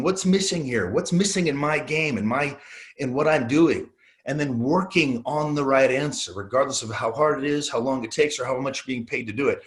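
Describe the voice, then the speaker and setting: Earnest motivational male sales trainer. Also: medium pitch. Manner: earnest and motivational, repeats key phrases.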